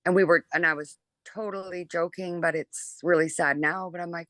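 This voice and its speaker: A woman's voice: on the low side, brisk, no room sound. Chatty mother, dry sound. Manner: chatty and animated, full of 'like' and acted-out quotes. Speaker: interview guest, mother. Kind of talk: emotional personal recollection.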